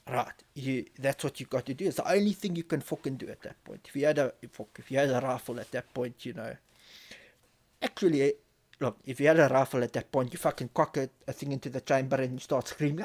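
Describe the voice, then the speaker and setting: A man's voice: mid-range voice, normal speed, a little mellow. Profane man telling a wild tale. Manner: profane, vivid storyteller who repeats phrases. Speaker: streamer telling a wilderness story. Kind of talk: casual storytelling on a stream.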